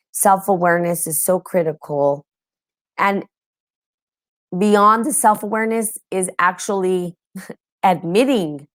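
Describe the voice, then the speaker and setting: Her voice sits low, and the clean studio sound has no echo. A tired, yawning woman hosts a casual spiritual podcast for a live audience, chatting away with many ums and frequent laughs.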